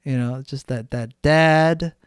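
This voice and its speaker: A man's voice: mid-range voice, slow, smooth, no echo, studio quality. A man hosting a solo podcast, talking bluntly and rambling, with lots of swearing. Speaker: podcast host. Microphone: studio podcast mic.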